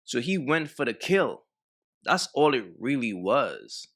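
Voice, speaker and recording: Slow, gravelly man giving blunt commentary. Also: medium pitch, big pitch swings, fairly bright tone. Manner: blunt, mocking, talks to the fellas. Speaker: reaction channel host. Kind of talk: commentary on a clip.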